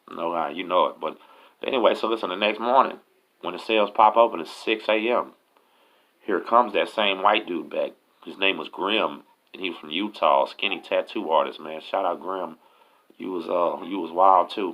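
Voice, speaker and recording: A man casually telling a story, profane and full of streetwise slang. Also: sits low. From Galveston, Texas. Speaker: host telling prison stories. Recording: dull lo-fi audio.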